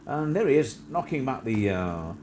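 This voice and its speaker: A man's voice: mid-range voice, big pitch swings, normal speed, noisy background. A man hosting a live stream, rambling in a jokey, casual way with frequent laughs and restarts. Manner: chatty, jokey, laughs often, many restarts.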